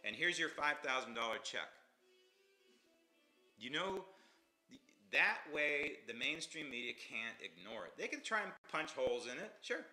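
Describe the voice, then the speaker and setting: A man hosting a political commentary livestream, opinionated and mocking, swinging from loud outbursts to low asides. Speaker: host.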